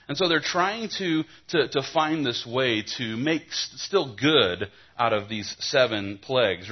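A man's voice: mid-range voice, dull audio. A male pastor giving an expository sermon in a conversational style, often restarting his phrases. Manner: conversational preaching with frequent restarts.

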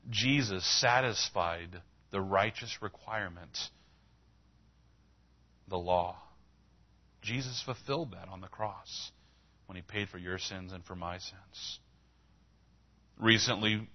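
A man's voice: on the low side, lo-fi sound. A man preaching a sermon as pastor, telling a story in a conversational way and retelling dialogue with rising emphasis.

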